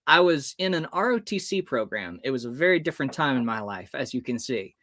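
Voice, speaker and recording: A man's voice: medium pitch, brisk, slight background noise. A man telling a story as a guest in an interview, acting out the voices of the people in it. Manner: lively, acts out the voices in his stories.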